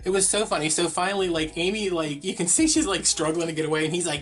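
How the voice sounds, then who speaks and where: A man's voice: high voice, animated, fast, a bit bright, faint music behind. A man, telling a gossipy story in a casual, chatty way while he crafts. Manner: chatty, gossipy, heavy use of filler words. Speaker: crafting vlogger.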